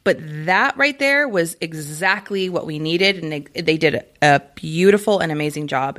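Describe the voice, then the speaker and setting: A woman's voice: lowish voice, lively intonation, moderate pace, hardly any pauses, a bit bright. A woman co-hosting a podcast, enthusing about an episode with ums and restarts. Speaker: podcast co-host. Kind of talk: casual podcast chat.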